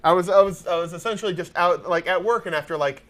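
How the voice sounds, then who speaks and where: A man's voice: high-pitched, quick pace, fairly bright tone. A man hosting a casual talk show, tired and chatty, laughing often and rambling with restarts. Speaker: show host. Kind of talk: casual chat.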